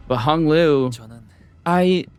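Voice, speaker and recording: A man voicing an earnest, gentle young man who speaks softly and sincerely, with halting pauses, in a game story read aloud. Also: a little high, faint music behind, voice pushed up. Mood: pleading.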